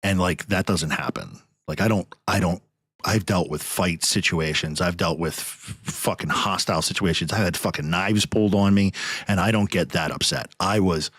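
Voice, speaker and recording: A man's voice: low-pitched, lively intonation, brisk, a bit bright, slightly rough, no echo, clean studio sound. A podcast host man ranting in anger, swearing heavily as he talks. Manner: angry, profane, heavy swearing. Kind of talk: heated podcast rant.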